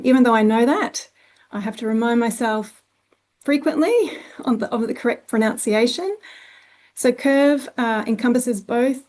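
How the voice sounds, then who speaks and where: A woman's voice: fairly high pitch, dark tone. A woman with an Australian accent presenting a conference session, speaking plainly with frequent ums and restarts. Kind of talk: presenting a webinar talk.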